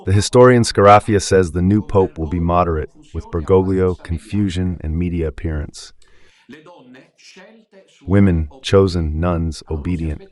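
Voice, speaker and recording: A man's voice: low voice, fairly even intonation, normal speed, darkish tone. A man giving a rambling spoken commentary on Catholic radio, full of rhetorical questions.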